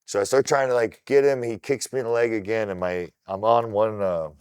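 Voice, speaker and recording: A middle-aged man from Ohio recounts his fights in a loose, animated podcast chat, swearing freely as he goes. His voice sits deep and low, with a smooth, resonant tone. The sound is dry and close to the mic. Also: fairly quick, no echo. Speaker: podcast guest, kickboxer. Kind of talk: casual storytelling.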